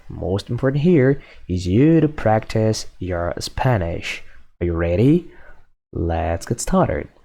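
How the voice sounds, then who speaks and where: A man teaching a language lesson, repeating each phrase several times in a patient, measured way. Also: on the low side, gravelly, darkish tone. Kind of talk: slow, repetitive lesson drills.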